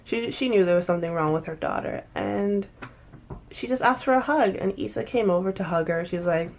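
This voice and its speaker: A woman casually recapping and reviewing a TV episode, animated and emphatic, often restarting sentences. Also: mid-range voice, brisk.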